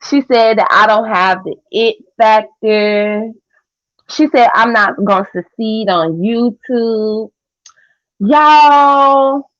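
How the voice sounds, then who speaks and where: A young woman, chatting casually with viewers on a livestream in a sassy, trash-talking way with loud cackling laughs. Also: fairly high pitch, slow, no room sound. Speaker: livestream host. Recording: dull lo-fi stream audio.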